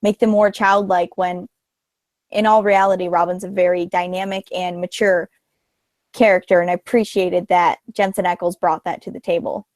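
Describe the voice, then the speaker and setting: A woman's voice: on the low side, flat delivery, moderate pace, a little mellow, no room sound. A woman on a film podcast giving frank, opinionated takes in casual conversation.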